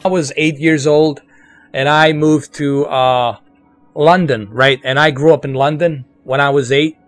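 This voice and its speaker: A man's voice: fairly high pitch, steady tone, unhurried, no echo. A man with a New York accent giving casual live commentary on a game to his viewers. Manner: casual, chatty, addresses viewers. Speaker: streamer.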